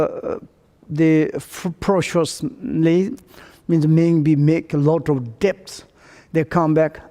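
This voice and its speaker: A man giving a Buddhist teaching in halting non-native English, with many fillers and restarts, acting out family quarrels in quoted voices. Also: on the high side, mellow, long reverb tail. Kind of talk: dharma teaching seminar.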